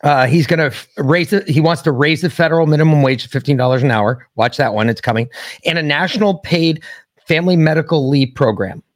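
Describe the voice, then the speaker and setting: A man's voice: on the high side, a little fast, no room sound, studio quality. A man co-hosting a podcast in casual political chat, joking, swearing and making emphatic points. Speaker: podcast co-host.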